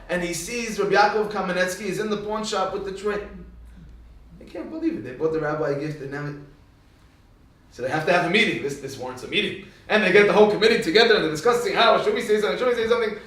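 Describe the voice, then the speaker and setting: Man, rabbi, Torah lecture, animated storyteller, far from the mic, booming room echo. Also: fast talker. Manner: animated storyteller who acts out quoted speech. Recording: echoey hall, speaker far from mic.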